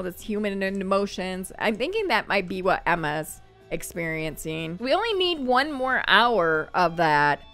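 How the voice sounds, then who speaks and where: Upbeat woman chatting through her game, bright crisp voice, laughs a lot, faint music behind. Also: medium pitch. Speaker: gaming channel host. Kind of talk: casual gameplay commentary.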